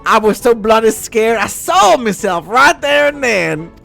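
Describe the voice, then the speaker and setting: A skittish country bumpkin dockhand, as a man puts him on for a game, talking in a high, bright voice. He swoops wildly up and down as he yelps and frets. Faint music plays underneath. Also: measured pace, gravelly, exaggerated voice. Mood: rattled. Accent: put-on country bumpkin accent. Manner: excitable, yelping and laughing. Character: cowardly rustic male dockhand NPC.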